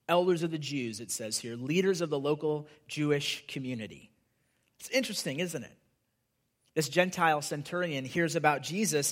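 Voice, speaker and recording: A man's voice: on the high side, fairly bright tone. A man preaching a sermon as pastor, earnestly explaining scripture with frequent tag questions and repeated words. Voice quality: repeats words when starting phrases.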